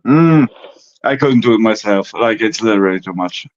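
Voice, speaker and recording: A man's voice: on the low side, expressive, moderate pace. Man, casual live-stream chat, rambling, fillers and restarts, dull lo-fi audio. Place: home in Germany.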